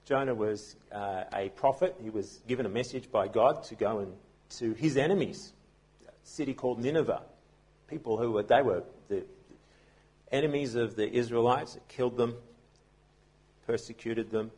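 A man's voice: medium pitch, moderate pace, darkish tone, husky. A man preaching a sermon as pastor, telling a story in a conversational way with frequent restarts.

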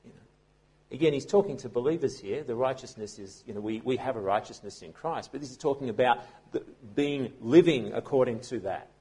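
A man's voice: mid-range voice, brisk, mellow, breathy edge. A man preaching a sermon as pastor, telling a story in a conversational way with frequent restarts.

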